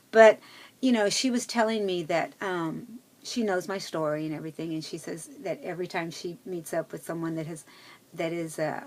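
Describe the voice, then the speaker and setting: A woman's voice: on the low side, a bit bright. Middle-aged lady rambling on in her video, lots of ums and restarts. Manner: chatty and rambling, with many fillers and restarts. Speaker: vlogger. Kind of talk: casual personal vlog.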